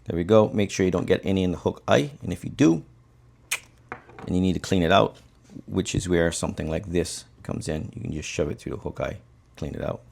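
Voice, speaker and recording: Tying a fly as he talks, a Caymanian bonefish guide relaxes into a conversational fishing story. He speaks briskly in a low, gravelly voice.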